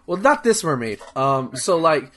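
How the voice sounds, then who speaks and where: A man's voice: on the high side, very animated, a little slow, fairly bright tone. A young man chatting casually as a podcast host, rambling and enthusiastic, with lots of fillers, restarts and swearing. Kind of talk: casual chat.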